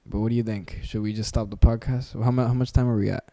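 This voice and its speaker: A man's voice: lowish voice, steady tone, quick pace, warm tone, no room sound. A young man co-hosting a podcast in casual chat, emphatic and repetitive, calling his friend "bro" again and again. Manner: emphatic, repeats himself, says "bro" a lot. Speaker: podcast co-host.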